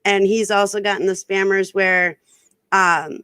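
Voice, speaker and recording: A woman's voice: mid-range voice, steady tone, measured pace, pushed and bright, clean tone, dry recording, clean studio sound. A woman guest in a casual livestream chat, telling stories and laughing easily. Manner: laughing, storytelling.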